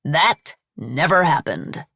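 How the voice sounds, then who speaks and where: A woman's voice: deep voice, expressive, slow, vocal fry, bright, forceful tone, breathy edge, no echo, studio quality, full character voice. A woman reading an audiobook, voicing an accused man who snaps out angry, clipped denials. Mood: cold denial. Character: blustering middle-aged man accused and defiant.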